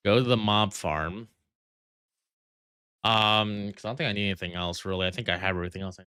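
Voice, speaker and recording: Smooth-voiced male streamer, rambling chat. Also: fairly low pitch, a bit bright, dry recording, studio quality. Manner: rambling and playful, many fillers. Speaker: live streamer. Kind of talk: casual gaming live stream chat.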